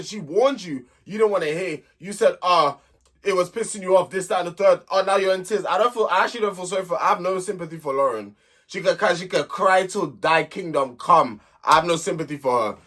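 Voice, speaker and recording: A man's voice: high voice, pushed and bright. A young man hosting a reality TV recap channel, giving blunt, exasperated opinions in casual commentary.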